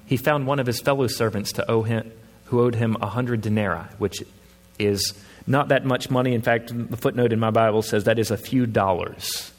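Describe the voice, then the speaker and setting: A man's voice: medium pitch, normal speed, in a large hall. A man preaching a sermon as a pastor, reasoning earnestly with his congregation and pressing his points with rising emphasis.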